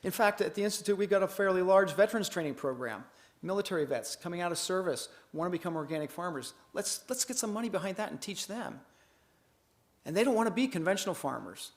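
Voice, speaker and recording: A keynote speaker at a conference, this man talks fast in a voice that sits high. His style is folksy and animated, full of stories where he acts out what each person said.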